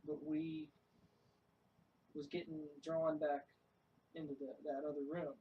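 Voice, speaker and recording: A man's voice: a little high, flat delivery, unhurried, highs cut off. A man and paranormal investigator explaining the layout of a basement in casual group chat, plain and hedging with um and like. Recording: distant mic with faint noise.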